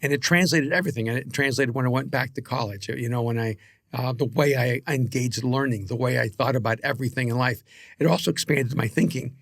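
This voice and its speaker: A man co-hosting a podcast, giving earnest, reflective advice with halting restarts. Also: mid-range voice, vocal fry, a bit bright, dry recording, clean studio sound. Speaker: podcast co-host.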